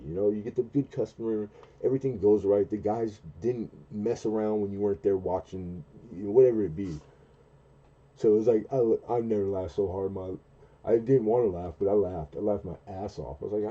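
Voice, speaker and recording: Rambly guy in his 40s streaming late at night, low husky voice, kinda muffled lo-fi mic. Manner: rambling, halting, with many restarts and fillers; acts out quoted dialogue in a much higher, louder voice. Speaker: livestream host. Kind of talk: casual late-night storytelling.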